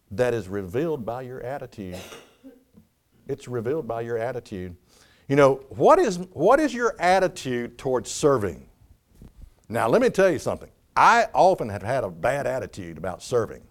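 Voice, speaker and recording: Guy preaching a sermon, really animated, voice jumps all over, restarts a lot. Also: mid-range voice. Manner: animated preaching, acts out quotes, frequent restarts. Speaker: pastor.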